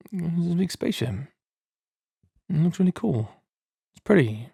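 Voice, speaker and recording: A man's voice: fairly high pitch, lively intonation, normal speed, gravelly, long pauses, dark tone, breathy edge. A young man casually retelling a story's lore, rambling and self-mocking, with frequent swearing. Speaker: content creator.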